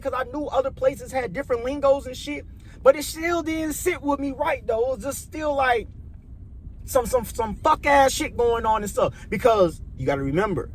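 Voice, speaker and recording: A man's voice: very high voice, fairly bright tone, a little hiss or hum. A young man from Chicago with a Chicago accent, ranting in a loose, profane, rambling way that repeats itself. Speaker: vlogger. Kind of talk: casual opinion rant.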